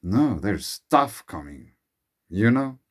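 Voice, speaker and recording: A man with a Finnish accent muses aloud in a solo talk, unhurried and deliberate. His voice sits a little low, and his English phrasing is slightly uneven as he ponders and speculates. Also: very animated, slightly rough. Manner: slow, musing, non-native phrasing. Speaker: channel host. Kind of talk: speculative monologue.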